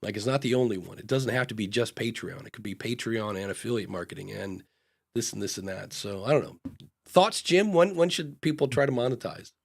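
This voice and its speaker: A man's voice: on the low side, a little fast, creaky, breathy edge. A man co-hosting a live podcast advice show, talking frankly in a loose, casual way with fillers and restarts, and acting out short dialogues in different voices. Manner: acts out little back-and-forth dialogues in changing voices. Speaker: podcast consultant and co-host.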